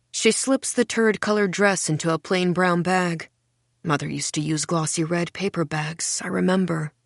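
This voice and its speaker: A woman narrating a first-person thriller audiobook in a wry, dark, measured way. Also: lowish voice, dry recording, clean studio sound.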